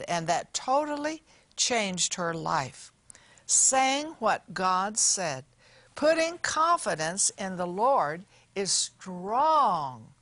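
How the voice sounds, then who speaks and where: An older woman preaching a television sermon, telling a family story and quoting scripture with earnest, animated emphasis. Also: medium pitch, no room sound. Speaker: TV minister.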